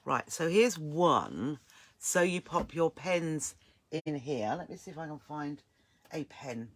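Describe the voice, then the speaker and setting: A woman's voice: sits low, expressive, slow. An older woman hosts a live sewing stream, chatting casually and greeting viewers by name. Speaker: sewing channel host.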